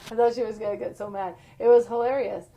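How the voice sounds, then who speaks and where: A chatty woman talks through a card game review in a casual, rambling way. Her voice sits a little high, and she laughs easily as she fills gaps with small fillers. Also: fairly even intonation, quick pace, dark tone.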